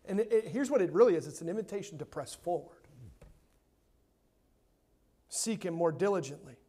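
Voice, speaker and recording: A man preaching a sermon in a church, emphatic, swinging between loud and hushed and repeating words to stress his points. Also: high-pitched, animated, normal speed. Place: church sanctuary.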